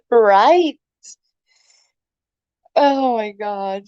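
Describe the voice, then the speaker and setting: A woman's voice: lowish voice, measured pace, dry recording, muffled recording. A middle-aged woman, chatting casually on a livestream and telling funny family stories, laughing often and swearing freely. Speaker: livestream host. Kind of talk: casual storytelling chat.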